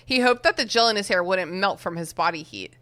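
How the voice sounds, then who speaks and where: An expressive woman reads a story aloud for a podcast and keeps breaking into giggly chat with her co-host. Her voice is bright and swings widely in pitch. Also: brisk. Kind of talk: dramatic reading with casual chat.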